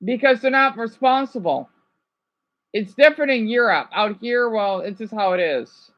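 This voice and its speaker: A man's voice: sits high, lively intonation, normal speed, lo-fi sound. Heated swearing man ranting over a clip. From Arizona. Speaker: streamer reacting to a news clip. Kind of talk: profane reaction rant.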